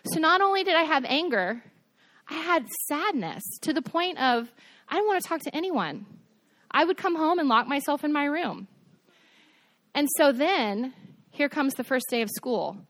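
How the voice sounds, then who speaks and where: A young woman giving a youth sermon, animated and asking her listeners questions. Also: high-pitched, moderate pace, dry recording. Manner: animated, asks the audience questions. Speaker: youth pastor.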